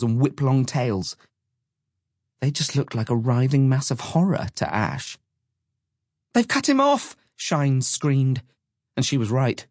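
Guy reading a kids adventure book, slow and dramatic, dry close mic. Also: medium pitch, no room sound. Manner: measured, dramatic storytelling. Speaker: narrator. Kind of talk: audiobook narration.

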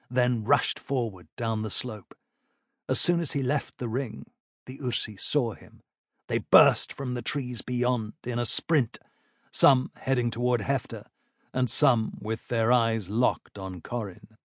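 A man narrating a fantasy battle audiobook in a measured, even storytelling manner. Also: medium pitch, no room sound, clean studio sound.

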